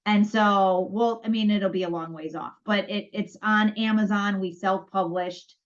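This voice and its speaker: A woman's voice: mid-range voice, fairly even intonation, unhurried. A woman co-hosting a podcast, chatting casually and acting out both sides of past conversations as she tells a story. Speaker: podcast co-host. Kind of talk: casual chat. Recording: dull lo-fi audio.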